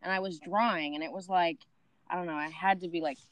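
A woman's voice: lowish voice, steady tone, fast talker, no echo, low-quality recording. A young woman chatting casually with friends outdoors at night, swearing freely and laughing easily as she tells stories. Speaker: podcast co-host. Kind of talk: casual chat among friends.

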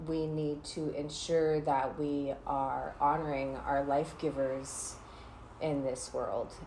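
A woman speaking in a slow, thoughtful, soft-spoken way in a reflective conversation, heard in an echoey room with faint background noise. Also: low voice.

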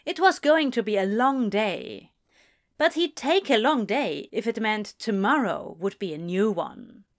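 A woman reads a story aloud in a calm, measured way. Her pace is slow and deliberate, and her voice sits in a middle range. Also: medium pitch. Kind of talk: audiobook-style story narration.

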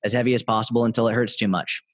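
A man's voice: medium pitch, racing, heavy background noise, lightly acted. A man quoting a blunt, curt strength coach. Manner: curt, flat orders. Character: gruff blunt famous male strength coach.

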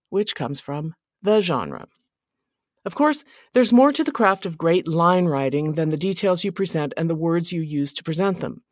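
A woman hosting a writing podcast, giving scripted narration in an earnest, measured delivery. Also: on the low side, no echo, clean studio sound.

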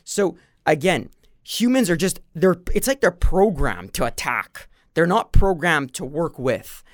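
Animated man telling a story. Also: a little high, a little slow, no room sound, clean studio sound. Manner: animated storyteller, acts out quoted exchanges. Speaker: podcast guest. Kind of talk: casual conversation.

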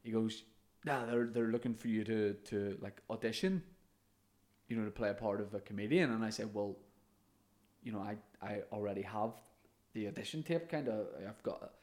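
A man's voice: on the low side, moderate pace, a little mellow. A man, a comedian and podcast co-host, telling stories in casual chat, laughing often and swearing now and then.

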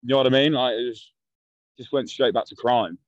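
A man's voice: medium pitch, steady tone, brisk, dry recording, muffled recording. A young man telling stories in casual chat, blunt and full of swearing, acting out what people said. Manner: blunt, swears a lot, acts out quotes. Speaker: guest. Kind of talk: casual storytelling.

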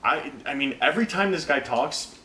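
A man's voice: fairly high pitch, expressive, moderate pace, pushed and bright, far from the mic, slight background noise. A young man co-hosting a podcast, telling a story in casual chat with jokey quips. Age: young adult. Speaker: podcast co-host.

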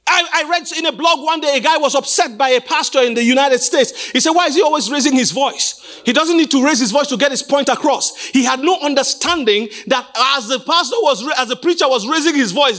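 High, bright-voiced preaching man. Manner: preaching with rising shouts and sing-song cadence. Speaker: pastor. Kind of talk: sermon. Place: church stage.

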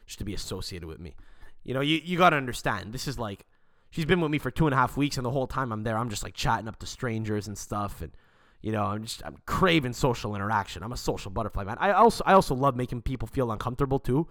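A man's voice: medium pitch, expressive, fast talker, few pauses, a bit bright. A man, hosting a podcast and telling a rambling, profane story in casual chat. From Montreal, Canada. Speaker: podcast host.

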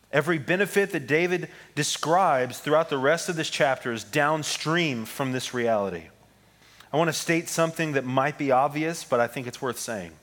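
A man preaching to his congregation in a relaxed, conversational way, at an ordinary middle pitch. He takes scripture slowly and pauses between lines. He talks to the room as if to friends. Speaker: pastor. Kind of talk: sermon. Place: church sanctuary with congregation.

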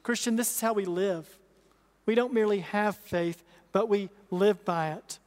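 A pastor preaching a sermon, emphatic, repeating key phrases and asking rhetorical questions. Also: male voice, sits high, normal speed. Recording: long reverb of a large hall.

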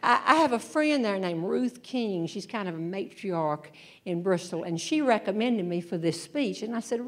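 Animated woman telling funny stories. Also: medium pitch, normal speed. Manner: animated, acts out voices, laughs along. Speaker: humorist and storyteller. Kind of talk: comic storytelling on stage. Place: theater stage before a live audience.

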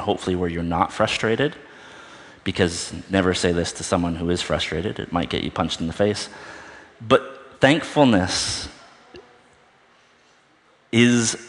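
A man with a fairly low voice preaching in a relaxed, conversational way. He thinks aloud and keeps checking in with the listeners. The sound carries a long reverb, as in a large hall. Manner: informal, thinking aloud with frequent "right?". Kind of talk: conversational sermon.

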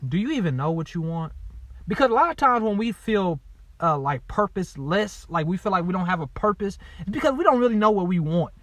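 A man who writes self-help books gives a motivational talk. He repeats himself for emphasis, keeps asking "right?" and saying "y'all", and moves from low, earnest talk to loud, insistent urging. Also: big pitch swings, fairly quick, no room sound. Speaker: motivational speaker and author.

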